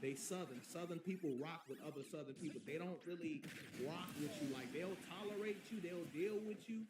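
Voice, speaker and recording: Brief: male streamer, a little high-pitched, preaching slowly over background noise. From US Midwest. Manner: preachy, repetitive, drawls "bro" and "boy". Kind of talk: casual monologue while streaming.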